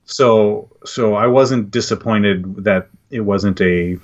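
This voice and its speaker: A man's voice: on the low side, slow pace. A man who is a podcast guest, talking earnestly and reflectively in casual chat with hesitant restarts. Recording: dull lo-fi audio.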